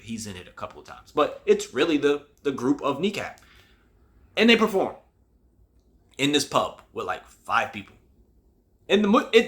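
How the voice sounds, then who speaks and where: A man's voice: mid-range voice, a bit bright. A man hosting his own show, giving a casual movie review in a rambling, conversational way with many restarts. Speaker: host.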